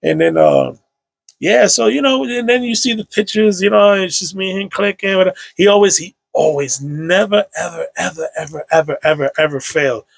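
Gravelly man telling a loose story. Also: high voice, big pitch swings, a little fast, no echo. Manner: loose, emotional storytelling with slang and fillers. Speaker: podcast guest. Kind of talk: casual conversation. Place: indoor recording room.

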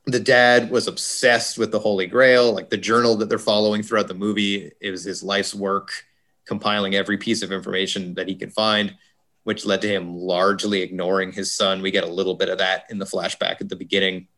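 Um homem num podcast comentando um filme num papo descontraído, brincando e fazendo imitações rápidas. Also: male voice, low-pitched, level tone, fairly bright tone. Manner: jokey, does quick impressions. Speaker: podcast co-host. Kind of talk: casual movie review chat.

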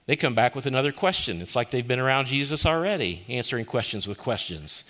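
A man preaching a sermon as pastor, asking many rhetorical questions and dropping to a soft, quiet voice when he quotes. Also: medium pitch, animated, fast talker.

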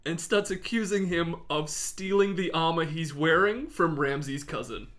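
A man's voice: a little high, moderate pace, fairly bright tone. A man co-hosting a podcast, telling a history story in a casual, jokey way and laughing often.

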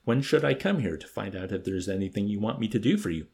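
Brief: eager orderly, acted by a male narrator, earnest and lively in pitch. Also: fast talker, creaky. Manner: earnest, anxious questions. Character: eager, middle-aged male enlisted orderly.

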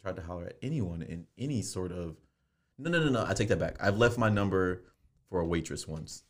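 A man's voice: deep voice, animated, fairly quick. Chill guy on a podcast, slangy, tells stories and does his own lines. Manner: laid-back storyteller, slangy, acts out his own drive-thru orders. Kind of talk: casual chat.

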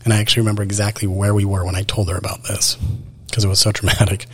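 Casting: young male podcast host, slightly low husky voice, loose self-deprecating solo chat. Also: flat delivery, racing, fairly bright tone. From Utah. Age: 20s. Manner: self-deprecating, rambling with many fillers. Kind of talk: casual solo podcast talk. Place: indoors at night.

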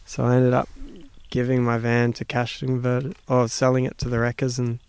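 A man's voice: mid-range voice, completely flat delivery, moderate pace, darkish tone, clean tone. A man in his thirties with an Australian accent, chatting casually in a laid-back way with short replies. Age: 30s. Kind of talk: casual chat.

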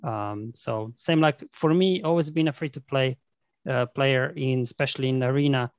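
Relaxed man with dull, dry sound. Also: mid-range voice, normal speed, no room sound. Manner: relaxed, explains with many "you know"s and "right?"s. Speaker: podcast guest. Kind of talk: casual chat.

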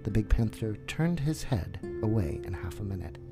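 A man reading a classic children's story aloud in a calm, measured way. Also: on the low side, music in the background.

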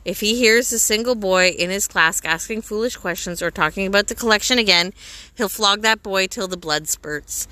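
A woman reading a story aloud with steady, measured narration. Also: mid-range voice, no echo. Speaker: reader.

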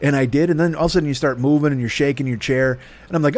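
A middle-aged man rambles through a story with dry sarcasm and constant swearing. He talks at an ordinary middle pitch, in casual monologue style. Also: racing, a little mellow. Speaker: podcast host.

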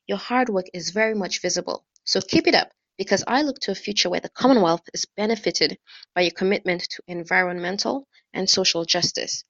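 A woman speaks in an earnest, encouraging tone at a medium pitch. The recording is close and dry, with a dull, lo-fi sound. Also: brisk, a bit bright, no room sound. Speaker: fan sending a message. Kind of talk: recorded congratulatory message.

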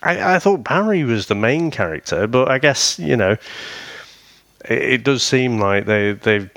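Man, podcast co-host, casual film chat, lively, animated pitch, dry close sound. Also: unhurried, no echo.

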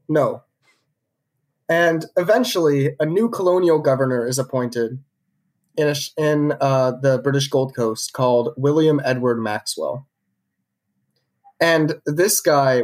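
A man's voice: fairly high pitch, a little mellow. A man co-hosting a podcast, telling a history story in a casual, conversational way, with many fillers and restarts. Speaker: podcast co-host narrating history.

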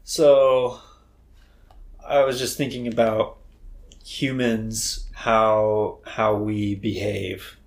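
Brief: male co-host, lowish voice, slow unhurried delivery, hesitant, thinks out loud. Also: little pitch movement. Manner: hesitant, thinks aloud with fillers. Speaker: podcast co-host. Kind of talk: casual chat.

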